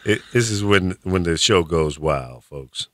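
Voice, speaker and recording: A man's voice: sits low, lively intonation, measured pace, fairly bright tone, dry recording. A man hosting a radio show in a studio, chatting casually with his co-hosts and laughing often.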